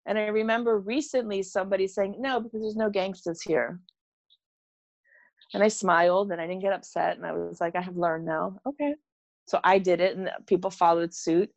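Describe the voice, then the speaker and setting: A woman's voice: mid-range voice, moderate pace, no room sound. A middle-aged woman, a former teacher, telling stories on a podcast and acting out the voices of the people in them. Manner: animated, acts out voices in her stories. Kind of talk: conversational storytelling.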